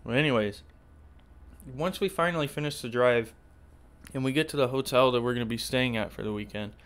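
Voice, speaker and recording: A man's voice: mid-range voice, a little fast, smooth. A man hosting a podcast, telling a profane, exasperated story in a casual rant. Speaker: podcast host. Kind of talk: casual ranting monologue.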